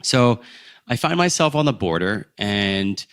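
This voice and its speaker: A man in his thirties from Philadelphia, a podcast guest telling travel stories with animated energy and acting out the people in them. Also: lowish voice, a little slow, smooth. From Philadelphia, USA. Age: 30s. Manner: animated storyteller who acts out the people in his tale, laughing at himself. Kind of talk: travel storytelling in an interview.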